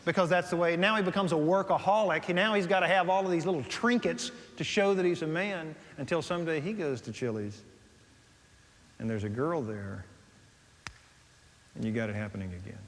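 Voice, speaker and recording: Preacher guy, high voice, gets loud then soft telling stories, big reverby hall. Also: brisk. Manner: animated storytelling, swings between soft and loud. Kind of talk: sermon on dating and marriage.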